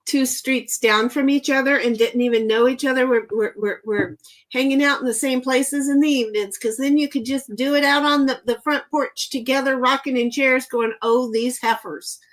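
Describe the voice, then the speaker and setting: A woman's voice: high-pitched, fairly even intonation, normal speed. A woman hosting a casual livestream, chatting and reading viewer comments aloud while playing a board game. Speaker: livestream host.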